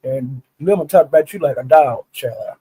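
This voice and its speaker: Husky-voiced man spilling gossip. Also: mid-range voice, normal speed, no echo. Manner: animated, profane, exclaims "honey" and "child". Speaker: commentator recapping online live-stream drama. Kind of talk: gossipy casual storytelling.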